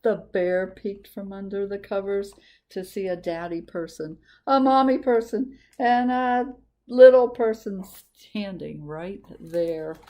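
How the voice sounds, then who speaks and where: A woman librarian reading a picture book aloud to children, gently asking them questions. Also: mid-range voice, slow pace, lo-fi sound. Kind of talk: storytime read-aloud to children.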